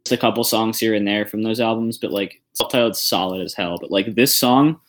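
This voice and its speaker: A man's voice: fairly low pitch, steady tone, brisk, a bit bright, slight background noise. A man co-hosting a podcast, chatting casually about new music and rambling with lots of fillers. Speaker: podcast co-host. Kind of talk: casual music review chat.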